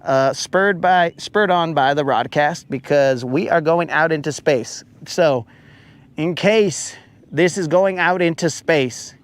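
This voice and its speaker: A man's voice: a little high, slow. Playful, slangy man on a lake. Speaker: fishing livestream host. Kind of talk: casual chat. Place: boat on a lake, outdoors.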